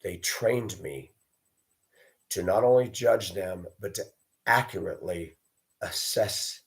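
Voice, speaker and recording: A man with a low, gravelly voice speaks slowly as he hosts his own video. It's a ranting monologue: blunt, combative and profane, with him mocking others in a raised voice.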